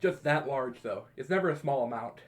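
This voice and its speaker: A young adult man co-hosting a podcast casually tells friends a profane story, laughing throughout in an animated retelling. His voice is medium-pitched and brisk.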